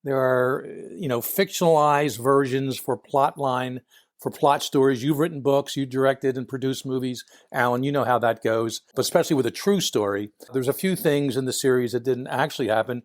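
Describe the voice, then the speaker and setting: An older man with a Philadelphia accent, talking in an easygoing interview voice at a middle pitch. He tells his stories with energy and slips into other people's voices when he quotes them. The sound is dry and close. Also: normal speed, no echo. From Philadelphia, USA. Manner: animated storyteller who acts out quoted dialogue. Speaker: interview guest. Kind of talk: casual interview storytelling.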